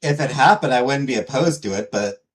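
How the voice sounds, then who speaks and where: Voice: medium pitch, expressive, brisk. A podcast host in casual chat about a cartoon, rambling with many fillers and restarts.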